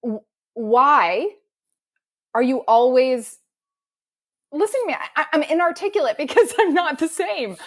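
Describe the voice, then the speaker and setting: High-voiced playful woman guest. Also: expressive. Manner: playful, self-deprecating, quick to laugh. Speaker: podcast guest, author. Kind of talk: casual interview chat.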